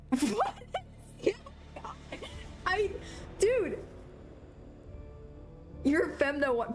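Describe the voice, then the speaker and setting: Streamer: young woman, lively swearing commentary, highish voice, game music under it. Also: takes it slowly, pauses often. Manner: exasperated, profane, laughing. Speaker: gaming streamer. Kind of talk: casual let's-play commentary.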